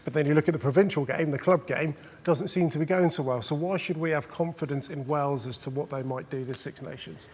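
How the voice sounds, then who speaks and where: A man presenting a sports studio show, leading the talk in a quick, jokey way. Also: a little high, slightly rough, big-room sound. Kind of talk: casual sports chat.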